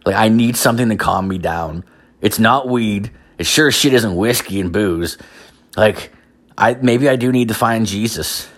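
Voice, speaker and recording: A young man with a somewhat low voice tells a rambling story, swearing in nearly every line. He hosts his own podcast and keeps laughing at his own jokes. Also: moderate pace, fairly bright tone. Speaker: podcast host. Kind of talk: profane storytelling monologue.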